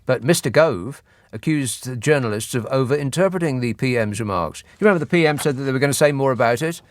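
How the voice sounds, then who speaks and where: A male radio host reads the day's political news and peppers it with dry, sarcastic jabs. His voice sits at a middling pitch and sounds close and dry in the studio, with no room around it. He is taking calls on a phone-in show. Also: expressive, quick pace, no room sound. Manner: sardonic, mocking asides. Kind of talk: satirical news commentary. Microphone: studio microphone.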